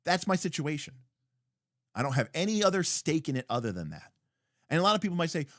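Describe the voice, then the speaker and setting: A man on a livestream talk show telling a tabletop game story in a rambling, animated way, full of fillers and restarts. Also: a little high, quick pace, long pauses, no room sound, studio quality. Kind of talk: casual livestream chat.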